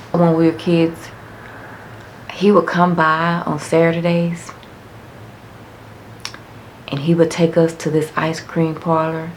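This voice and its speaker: Woman vlogger reminiscing, frank and casual, kinda low voice with some vocal fry. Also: darkish tone, slight background noise. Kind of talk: personal storytelling.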